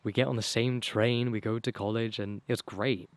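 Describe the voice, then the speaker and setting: A young man tells his own life story casually, rambling and swearing, with many fillers and restarts, his voice going hoarse. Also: medium pitch, fairly even intonation, normal speed, no echo. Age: young adult. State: losing his voice. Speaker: vlogger.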